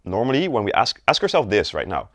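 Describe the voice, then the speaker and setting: A sales coach with a very low voice speaks fast in an instructional video, recorded close and dry with no room sound. In his examples he demonstrates rising, flat and falling tones.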